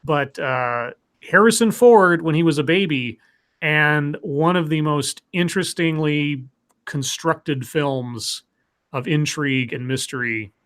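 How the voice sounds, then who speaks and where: Man, casual stream chat, rambling, slightly high voice. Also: slow pace, a bit bright. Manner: rambling, filler-heavy, repeats words. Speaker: stream co-host.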